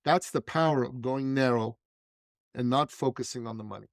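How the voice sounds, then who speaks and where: A man's voice: medium pitch, moderate pace, vocal fry, no room sound, clean studio sound. A man, a business coach and speaker, telling stories emphatically with punchy repetition as an interview guest. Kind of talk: animated storytelling in conversation.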